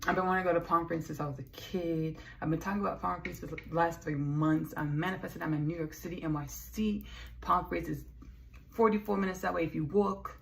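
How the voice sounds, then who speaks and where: A woman's voice: lowish voice, fairly even intonation, brisk, creaky. A Texan woman rambling casually in a vlog, playful and chatty with lots of asides. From Texas. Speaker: vlogger.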